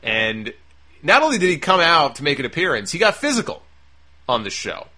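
Casting note: bright, forceful male podcaster, sarcastic and profane, riffs fast on last night's wrestling. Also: on the high side. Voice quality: sarcastic, animated, swears freely. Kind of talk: casual profane recap and rant.

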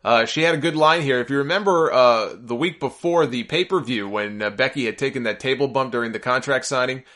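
Sarcastic man with a bright voice. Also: medium pitch, a little fast. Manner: opinionated, sarcastic commentary; gets exasperated and worked up. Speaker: podcast host. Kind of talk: solo podcast recap.

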